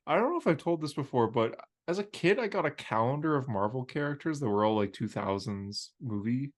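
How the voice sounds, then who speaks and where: A man's voice: mid-range voice, lively intonation, brisk. A young man co-hosting a casual podcast over a video call, rambling and laughing often. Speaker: podcast co-host. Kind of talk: casual chat.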